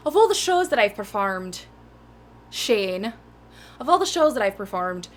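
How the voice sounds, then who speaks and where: A woman's voice: mid-range voice, big pitch swings, measured pace, long pauses, slight background noise. A woman in her thirties hosting a live music stream, chatting casually between songs in a rambling, self-mocking way. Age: 30s. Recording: loud ukulele music behind the voice.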